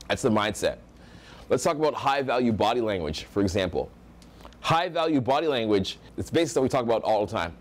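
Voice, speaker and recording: A man's voice: medium pitch, brisk. A young American man leads a live seminar on social skills, speaking in a mid-range voice that carries across the room. He talks with energy and makes his points by acting out how other people sound. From United States. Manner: energetic, projecting, acts out example voices.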